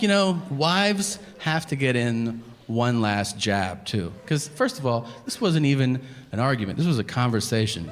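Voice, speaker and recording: A man in his thirties doing a stand-up comedy set, telling animated stories and acting out both sides of each conversation. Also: mid-range voice. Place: comedy venue stage with audience laughter. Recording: live stage audio with audible background noise.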